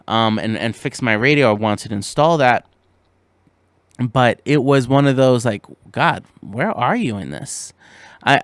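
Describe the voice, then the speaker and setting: A man hosting a podcast relays a road-trip mishap in an animated, stammering storytelling voice that shoots upward whenever he gets exasperated. His pitch sits in an ordinary middle range. The sound is dry and close, with no room in it. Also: smooth, dry recording. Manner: animated, stammering restarts, voice jumping up when exasperated. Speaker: podcast host. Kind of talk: casual storytelling.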